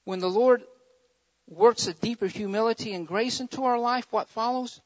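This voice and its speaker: A man preaching with a high, lifted voice and impassioned fervor, rising into loud surges, then dropping to quieter emphatic passages. He repeats his key phrases for emphasis. The recording is dry and dull, like a lo-fi sermon tape. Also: moderate pace, no echo. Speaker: pastor.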